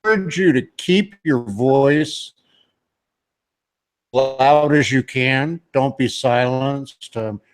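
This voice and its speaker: A male talk show host wrapping up an interview, with halting, stammering, friendly speech. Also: mid-range voice. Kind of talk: casual radio interview.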